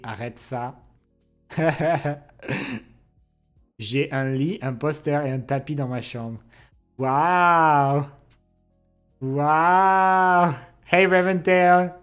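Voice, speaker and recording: A young adult man streams live, chatting with his viewers in an unhurried, drawn-out way. He reads their messages aloud and teases them playfully. Faint music plays quietly behind his voice. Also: mid-range voice. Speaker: livestreamer. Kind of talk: casual chat with viewers.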